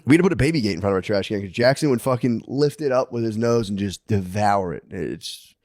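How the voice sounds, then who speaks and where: A man's voice: fairly low pitch, expressive, fast talker, darkish tone, no room sound, clean studio sound. A man in his thirties co-hosting a podcast, crude and laughing often, saying "dude" a lot. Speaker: podcast co-host. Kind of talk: casual comedic chat.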